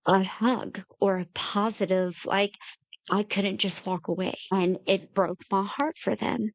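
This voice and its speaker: A woman's voice: mid-range voice, steady tone, measured pace, no room sound. A woman talking earnestly and from the heart as an interview guest, telling personal stories. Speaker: guest, independent creator. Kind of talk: candid interview conversation.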